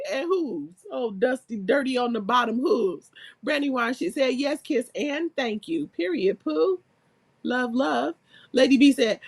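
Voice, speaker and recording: Laughing woman reading chat aloud. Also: high-pitched. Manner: laughs constantly, reads comments aloud, animated. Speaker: host reading out chat comments. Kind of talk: casual live-stream chat.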